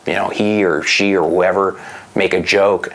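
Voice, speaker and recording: A man's voice: low voice, fairly even intonation, normal speed. A man who is a stand-up comic, talking emphatically in an interview about his trade. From Canada. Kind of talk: interview talk.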